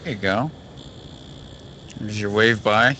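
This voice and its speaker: A man's voice: fairly low pitch, slow, bright, forceful tone, slight background noise. A man from northwestern New Jersey, co-commentating a sim race in a laid-back way with dry jokes. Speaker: race co-broadcaster.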